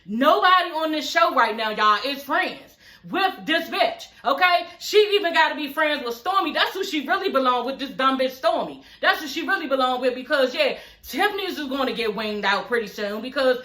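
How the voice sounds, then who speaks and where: A woman in her forties giving blunt, profane, animated commentary in a casual vlog, often laughing as she talks. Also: high voice, moderate pace, few pauses. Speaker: reality TV reviewer. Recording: roomy echo.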